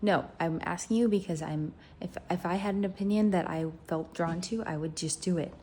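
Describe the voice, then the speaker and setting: A woman's voice: lowish voice, fairly quick, dark tone, a little hiss or hum. A young woman talking casually to her viewers at home in a rambling, upbeat vlog. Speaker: vlogger. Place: indoors at home.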